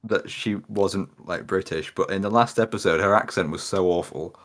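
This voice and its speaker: A man's voice: low-pitched, moderate pace, fairly bright tone. A man co-hosting a podcast in casual chat, talking hesitantly with dry chuckles. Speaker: podcast co-host.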